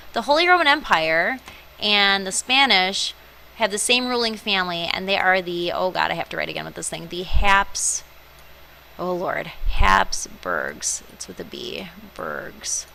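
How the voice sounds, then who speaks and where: A woman's voice: mid-range voice, bright, forceful tone, slight background noise, low-quality recording. A woman teaching a history lesson over slides, chatty and playful, with self-deprecating asides. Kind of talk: recorded classroom lecture over slides.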